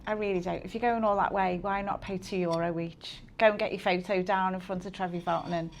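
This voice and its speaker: A woman's voice: mid-range voice, fairly even intonation, a little fast, a little hiss or hum. A middle-aged woman co-hosting a casual chat podcast, telling stories and acting out what people said. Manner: chatty storyteller, acts out quotes. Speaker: co-host, mother.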